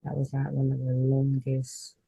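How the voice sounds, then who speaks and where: Husky gravel-voiced woman. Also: rumbling low, completely flat delivery, unhurried, warm tone, low-quality recording. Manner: rambling, heartfelt, with fillers. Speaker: spiritual reader and healer. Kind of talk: emotional personal storytelling vlog.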